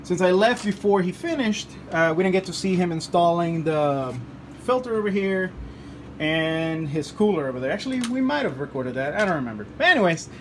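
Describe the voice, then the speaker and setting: A man's voice: sits high, lively intonation, fairly quick, a bit bright, slight background noise. A man hosting a car channel, chatting casually in his home garage, joking, laughing and swearing as he works. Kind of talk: casual garage chat to camera.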